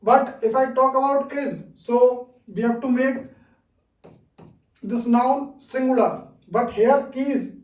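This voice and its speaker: A man teaching a beginners' grammar lesson, patient and slow, repeating each example sentence and saying "okay" often. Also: very high-pitched, roomy sound, recorded from a distance, poor audio. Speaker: English teacher.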